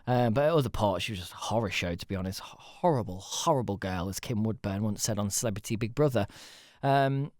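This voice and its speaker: A man's voice: fairly low pitch, fairly quick, darkish tone, no echo, studio quality. A man hosting a casual solo podcast, rambling and self-deprecating, with the odd swear word. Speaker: podcast host.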